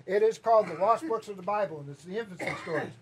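A man preaching a sermon as pastor, telling a story in an animated way and acting out the voices of the people in it. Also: sits high, fast talker, a little hiss or hum. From Southern US. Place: church sanctuary.

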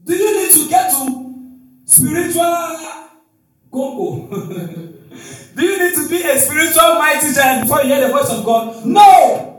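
A male preacher delivering a sermon in call-and-response style, with shouted exclamations and frequent hallelujahs. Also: very high-pitched, animated, normal speed. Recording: echoey hall, distant mic, faint music.

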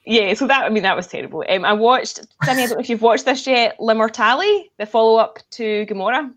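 A woman's voice: a little high, expressive, fast talker. A woman hosting a casual chat, talking bluntly and swearing now and then.

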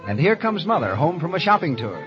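A man's voice: a little high, big pitch swings, a little fast. A man announcing scripted intermission copy on a 1930s radio program. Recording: dull lo-fi 1930s radio with music.

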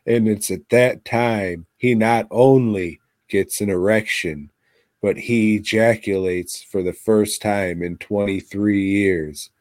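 A man co-hosting a podcast, talking about movies in a crude, sarcastic way full of swearing and sudden loud outbursts. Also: lowish voice, slow pace, dry recording. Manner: profane, sarcastic, animated outbursts. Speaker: podcast co-host. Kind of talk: crude casual film chat.

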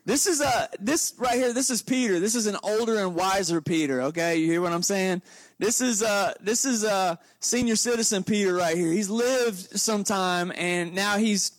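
A man preaching a lively, conversational sermon to his congregation, openly excited and talking casually between scripture readings. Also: high voice, normal speed, dry recording. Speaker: pastor.

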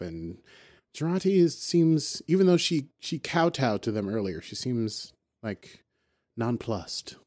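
A man co-hosting a podcast, recapping an episode in a rambling, playful way and dipping into quick voices when he quotes characters. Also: on the low side, expressive, a little mellow. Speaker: podcast co-host. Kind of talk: casual recap chat.

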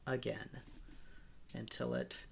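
A relaxed man co-hosting a podcast, agreeing easily and chatting at an easy pace. His mid-pitched voice has a gravelly, fry-heavy texture. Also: slow pace. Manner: relaxed, laughs along, short agreements. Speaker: podcast co-host. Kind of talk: casual chat.

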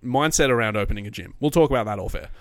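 A young man, co-hosting a podcast in a relaxed, joking way and laughing often. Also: medium pitch, racing, no room sound, studio quality. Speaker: podcast co-host. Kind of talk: casual chat.

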